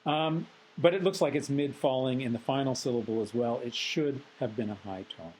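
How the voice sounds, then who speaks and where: Measured, analytical male lecturer. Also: medium pitch, a little mellow, slight background noise, low-quality recording. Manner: measured and analytical, with frequent filler sounds. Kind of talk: recorded phonetics lecture.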